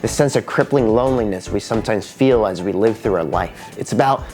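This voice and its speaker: A man's voice: fairly low pitch, brisk, darkish tone, faint music behind. A man hosting an educational video, explaining things in a scripted way and sometimes tapping out spoken rhythms. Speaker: video essay host.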